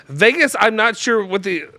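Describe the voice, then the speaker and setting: A young man hosts a loose, joking stream chat, rambling through restarts. His voice is bright and swings widely in pitch. It sits close and dry on the mic. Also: expressive, unhurried, dry recording. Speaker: show host. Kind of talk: casual live-stream chat.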